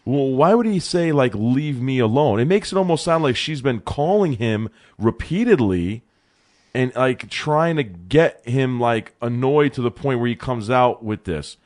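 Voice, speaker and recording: Animated young man co-hosting sports talk. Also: medium pitch, unhurried. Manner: animated, excitable, says bro a lot. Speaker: co-host. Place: small studio.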